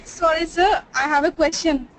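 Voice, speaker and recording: A woman's voice: very high-pitched, normal speed, a crowd in the background, rough recording. A woman, a student who politely asks her teacher a question over an online call. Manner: polite, addresses the teacher as sir.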